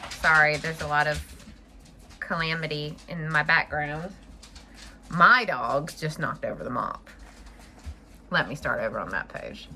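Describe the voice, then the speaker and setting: A woman's voice: low voice, measured pace, pauses often, bright, forceful tone, slight background noise. A woman reading a picture book aloud to children at home, chatting and asking them to raise their hands. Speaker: children's storyteller.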